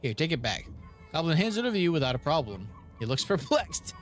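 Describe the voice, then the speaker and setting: A man's voice: on the high side, big pitch swings, fast, soft background music. A young man playing a game on video, reading its text aloud and reacting with laughs and groans at failed rolls. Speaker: gaming video creator.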